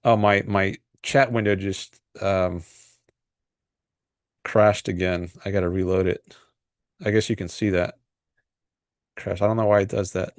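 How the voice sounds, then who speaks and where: A man hosts his own livestream, talking in a loose, meandering way and reading viewer comments aloud. His voice sits on the low side and sounds dry and close, with no room around it. He hesitates often, filling gaps with "um" and restarting his sentences. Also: steady tone, unhurried, long pauses, dry recording. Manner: rambling and hesitant, frequent fillers and restarts. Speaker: livestream host.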